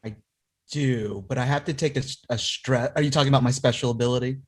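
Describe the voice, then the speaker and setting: A man's voice: mid-range voice, fast talker. A man playing in a tabletop game, speaking hesitantly with stumbles. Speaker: player.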